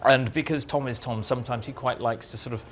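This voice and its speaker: A man, a writer being interviewed at a fan society, telling lively anecdotes and mimicking people in squeaky voices. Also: fast, a little hiss or hum. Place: room at a fan society meeting.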